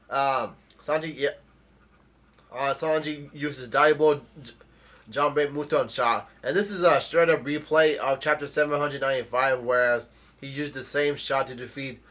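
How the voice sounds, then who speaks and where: Man, bright forceful voice, casual halting comic recap. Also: mid-range voice. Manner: halting, with frequent restarts while retelling scenes. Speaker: manga chapter reviewer.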